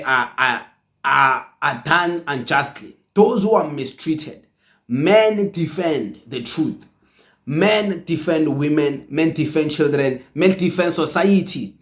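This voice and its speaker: A South African man with a fairly high voice delivers political commentary. He talks emphatically and with animation, repeating himself for effect. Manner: animated, emphatic, mimics others mockingly.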